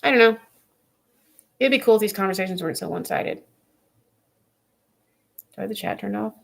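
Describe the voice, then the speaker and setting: A woman's voice: medium pitch, a little fast, gravelly. A young woman chatting casually to camera on her vlog, blunt, profane and rambling. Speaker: vlogger.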